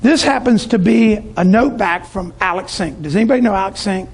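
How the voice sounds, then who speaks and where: Husky high-voiced man telling sales stories. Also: fairly quick, a little mellow. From Tampa, Florida. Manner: storytelling, acts out the voices of customers. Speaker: business speaker. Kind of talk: sales talk to a live audience.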